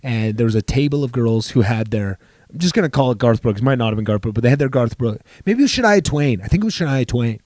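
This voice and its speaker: A man's voice: mid-range voice, animated, quick pace, a little mellow, no echo, clean studio sound. A male comedian hosting a solo podcast, telling a rambling, profane story in casual chat with frequent restarts. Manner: rambling, profane, self-interrupting.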